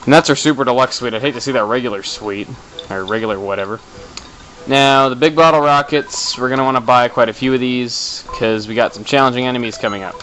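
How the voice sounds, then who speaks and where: A man giving chatty, excitable commentary while playing a video game, tossing in the odd swear for effect. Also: mid-range voice, fast, rough recording. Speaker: let's play host. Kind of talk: casual gameplay commentary.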